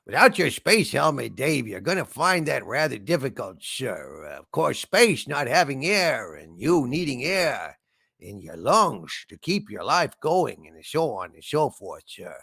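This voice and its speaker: A man voicing a male spaceship computer as a meandering, polite detective, gravelly and husky, tacking "sir" onto his lines. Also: mid-range voice, sing-song, a little slow, bright, forceful tone, no room sound, studio quality, heavily acted. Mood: calm, polite. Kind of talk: comedy impression sketch.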